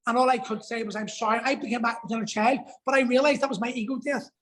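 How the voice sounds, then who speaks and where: A man's voice: very high-pitched, steady tone, very fast, fairly bright tone, slight background noise, rough recording. A man telling a personal story as a podcast guest, earnest and emotional, swearing for emphasis.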